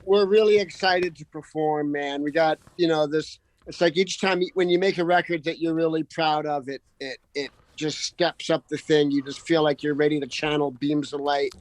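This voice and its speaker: A man's voice: fairly high pitch, steady tone, moderate pace, few pauses, no room sound, poor audio. A man guest on a radio show, talking earnestly and passionately, piling phrase upon phrase. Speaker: musician guest. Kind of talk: casual radio interview. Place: radio studio. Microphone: studio microphone.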